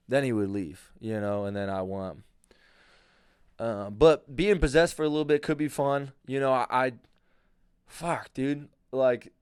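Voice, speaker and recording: A man's voice: lowish voice, clean tone, dry recording, clean studio sound. A young man hosting a podcast alone, rambling in a crude, jokey way. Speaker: podcast host. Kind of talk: casual solo monologue.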